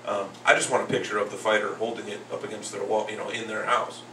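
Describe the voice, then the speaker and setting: A man's voice: fairly low pitch, quick pace. A man hosting a casual boxing talk show, telling stories and acting out what others said. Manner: animated storyteller, acts out quotes. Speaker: podcast host and second grade teacher. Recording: roomy echo, far from the mic, faint noise.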